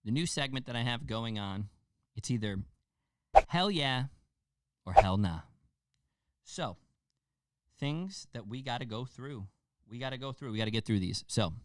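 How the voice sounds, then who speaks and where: A young man with a mid-range voice hosts a podcast, rambling and joking casually through a monologue full of profanity. The recording is very noisy.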